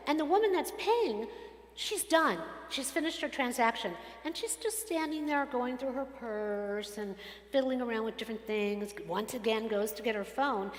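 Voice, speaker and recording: A woman giving a sermon to a congregation, telling everyday stories and acting out the people in them. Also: on the high side. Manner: animated storytelling, acts out quotes. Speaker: rabbi. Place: synagogue sanctuary. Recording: echoey hall from a distance.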